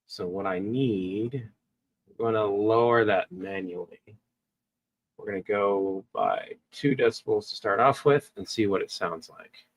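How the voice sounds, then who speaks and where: A man's voice: lowish voice, a little slow, a little hiss or hum. A man hosting a stream who casually talks through editing audio, thinking aloud with ums. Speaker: video editor, stream host.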